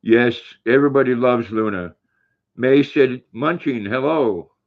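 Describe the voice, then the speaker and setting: A man's voice: medium pitch, a little slow. Folksy older man on a lo-fi stream. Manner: folksy, reads viewer comments aloud, talks to his dog. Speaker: livestream host. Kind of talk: casual livestream chat reading comments.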